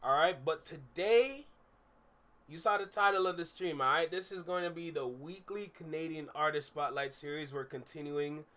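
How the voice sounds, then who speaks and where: Bright-voiced young man chatting on stream. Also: a little high, normal speed. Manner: candid, rambling, repeats himself with frequent fillers. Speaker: streamer reacting to music. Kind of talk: casual live-stream chat. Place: his room.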